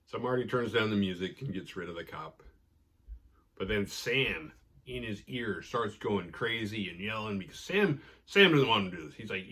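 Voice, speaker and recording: A man hosting a podcast, casually retelling a horror episode with profanity and quick acted-out quotes. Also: fairly low pitch, expressive, bright, forceful tone, breathy edge. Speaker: podcast host recapping episodes. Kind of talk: casual recap chat.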